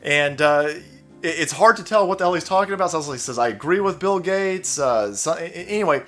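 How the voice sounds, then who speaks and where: A man rants through a political commentary in a fairly high voice, swinging between sarcasm and mockery. He swears freely, laughs between lines and slips into exaggerated impressions of others. Faint music plays underneath. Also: lively intonation, brisk, a bit bright. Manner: sarcastic, mocking, swears a lot, mimics people in exaggerated voices. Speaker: commentary channel host.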